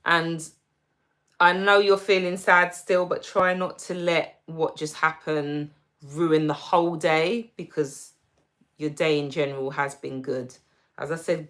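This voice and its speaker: A woman with a London accent hosting a casual livestream, reading viewer comments aloud and answering them gently and reassuringly. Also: low voice, fairly even intonation, a little slow. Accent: London English. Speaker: livestream host.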